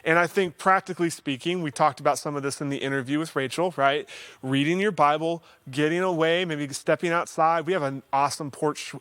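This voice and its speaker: A man hosts a counseling livestream and talks through faith-based advice in a relaxed, conversational way, earnest with a touch of self-deprecating humor. His voice sits slightly high for a man. The sound is dry, with almost no room echo. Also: a little fast, clear, resonant tone. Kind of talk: casual faith-based teaching talk.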